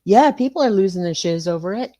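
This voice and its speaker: An older woman, chatting casually as a live-stream host. She reads out viewer comments and mutters to herself while fumbling with her streaming software. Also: medium pitch, expressive, brisk. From United States. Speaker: livestream host.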